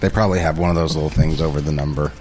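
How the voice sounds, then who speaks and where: A man's voice: rumbling low, steady tone, racing, a little mellow, faint music behind. A man co-hosting a comedy podcast, adding wry, teasing commentary during a script read. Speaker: podcast co-host.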